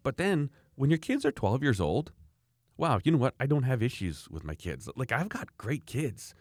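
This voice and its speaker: A man's voice: medium pitch, very animated, normal speed, darkish tone, dry recording, studio quality. A man from Canada talking casually about raising children, emphatic and rambling, often restarting his sentences. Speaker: parent sharing views. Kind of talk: casual opinionated chat.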